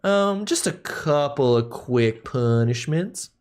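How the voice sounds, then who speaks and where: Over game music, a live-streaming gamer banters playfully with his chat between bouts of play. His voice sits a little high and is clear and resonant, and he speaks slowly and expressively.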